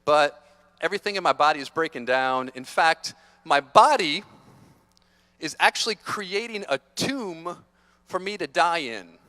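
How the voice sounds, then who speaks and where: A man voicing a worn-out caterpillar that quietly accepts its end during a motivational talk. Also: on the high side, expressive, unhurried. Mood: wistful. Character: worn-out caterpillar resigned to dying.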